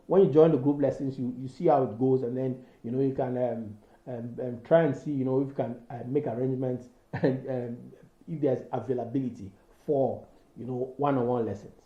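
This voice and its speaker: A man's voice: mid-range voice, mellow. A man teaching a poetry lesson, talking loosely with many fillers and restarts. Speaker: English literature teacher. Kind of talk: spoken poetry analysis lesson. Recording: roomy, dull lo-fi recording.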